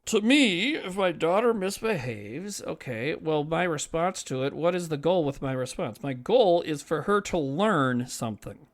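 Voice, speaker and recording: A man's voice: fairly high pitch, lively intonation, unhurried, few pauses. Earnest, profane man chatting. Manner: profane, earnest, rambling with many fillers. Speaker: podcast co-host. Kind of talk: casual chat.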